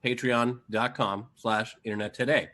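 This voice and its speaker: A young man, co-host gives channel updates in an even, mid-pitched voice with dry deadpan asides. His delivery is relaxed and conversational. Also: normal speed. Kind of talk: live-stream town hall chat.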